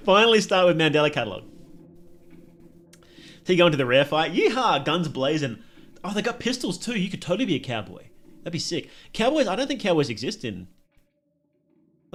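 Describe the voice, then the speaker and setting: Young aussie guy yapping on his stream, laughs a lot, reads chat out loud. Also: on the high side. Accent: Australian. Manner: chatty, laughs often, reads chat aloud. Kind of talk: casual live stream chat.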